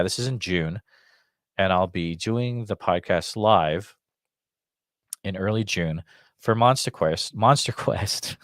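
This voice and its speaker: A man with a very low voice and a slight Massachusetts accent hosts a live call-in show. He talks in a loose, rambling way, full of fillers and restarts. The recording is close and dry, with no room sound. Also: no echo. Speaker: host of a live call-in podcast. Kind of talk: casual live-stream chat.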